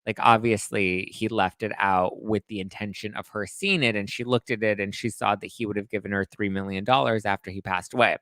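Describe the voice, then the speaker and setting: A man hosting a casual book recap, telling the story in a gossipy, dramatic, animated way. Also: on the low side, fairly quick, few pauses, no echo. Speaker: host.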